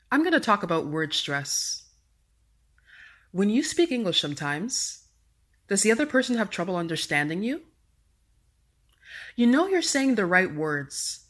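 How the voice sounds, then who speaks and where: A woman hosting a podcast and teaching English pronunciation, speaking in a deliberate, carefully enunciated way. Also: medium pitch, a bit bright. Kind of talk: slow, clearly articulated pronunciation lesson.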